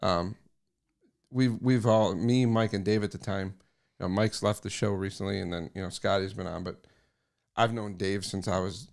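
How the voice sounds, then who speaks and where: A man's voice: low voice, steady tone, normal speed, gravelly, darkish tone. A man telling stories with laughs in casual podcast chat, acting out his friends' lines. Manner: laughing storyteller, mimics friends. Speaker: podcast co-host of another show.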